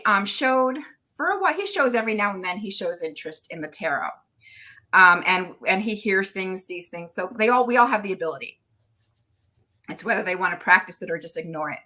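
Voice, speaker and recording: Loud chatty lady guest, laughs a bunch, sharp bright tone. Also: medium pitch, animated, normal speed. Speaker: guest, tarot reader and medium. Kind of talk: casual interview chat.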